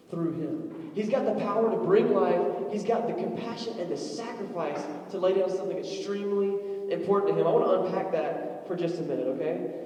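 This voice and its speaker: A young adult man preaching an animated sermon in a church, telling stories and acting out voices with humor. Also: sits high. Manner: animated storytelling with acted-out quotes and jokes. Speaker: pastor. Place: church sanctuary. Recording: echoey hall, voice from far off.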